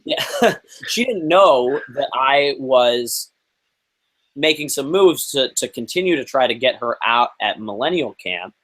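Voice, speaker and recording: A young man in his twenties tells a story as a guest on a chat show. He talks in an animated, casual way, with lots of fillers and quotes he acts out. His voice sits at an ordinary middle pitch. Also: unhurried, poor audio. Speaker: interview guest.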